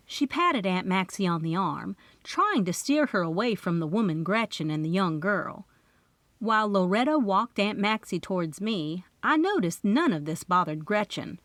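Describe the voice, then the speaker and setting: A woman narrating a cozy mystery audiobook in first person, expressive and playful. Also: medium pitch, moderate pace, no echo. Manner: expressive storytelling with character voices.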